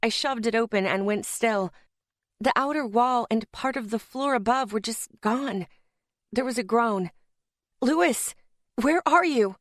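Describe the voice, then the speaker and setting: A woman's voice: fairly high pitch, measured pace, no echo. Tense woman audiobook narrator, dry sound. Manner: tense, dramatic storytelling. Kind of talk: first-person audiobook narration.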